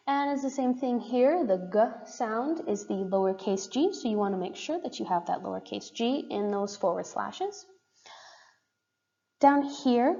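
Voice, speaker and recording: A woman's voice: medium pitch, darkish tone. A young woman student giving a class presentation, explaining in a casual way with frequent fillers. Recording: dull roomy recording with long reverb.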